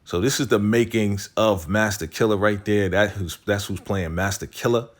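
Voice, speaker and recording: At a normal speed and with fairly even intonation, a man casually recaps a TV episode, dropping slang and saying "right?" and "you know" a lot. He retells scenes and acts out the characters' lines, quoting them in a lowered voice. He's a TV recap host.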